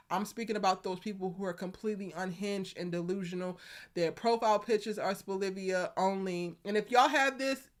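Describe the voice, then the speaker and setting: A young woman with a Baltimore accent hosting a casual live stream, chatting and reading viewer comments aloud with frequent laughs. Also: mid-range voice.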